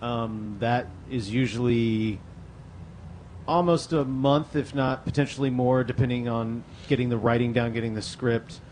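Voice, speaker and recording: A panel host moderates casually at a convention, reading fan questions aloud with plenty of fillers. He speaks a little slowly in a medium-pitched, slightly mellow, fairly even voice, over a little hiss or hum.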